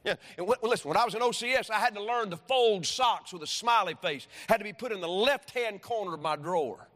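A middle-aged man preaching a sermon, animated and repetitive, telling stories with sudden shouts. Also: sits high, brisk. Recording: long hall reverb.

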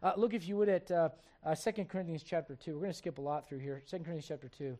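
A pastor preaches a sermon, firing rhetorical questions at his congregation and acting out the voices he quotes, swinging between loud emphasis and quiet asides. His voice is a little high, steady in tone, and racing.

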